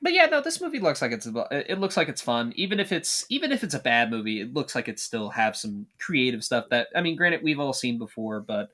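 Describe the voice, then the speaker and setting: A man's voice: mid-range voice, very animated, a little fast, hardly any pauses, sharp tone. A man co-hosting a podcast in casual chat, opinionated and swearing freely. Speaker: podcast co-host.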